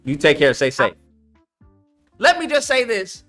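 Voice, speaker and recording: A man's voice: sits high, huge pitch swings, a little slow, a bit bright, soft background music. A man hosting a live call-in stream, blunt and emphatic, slangy, repeating his points for effect. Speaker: livestream host. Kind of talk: casual commentary with callers.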